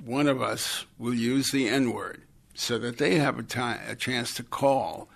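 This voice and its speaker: A man's voice: medium pitch, steady tone, unhurried, creaky. A man co-hosting a podcast, chatting casually with dry joking asides. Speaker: podcast co-host.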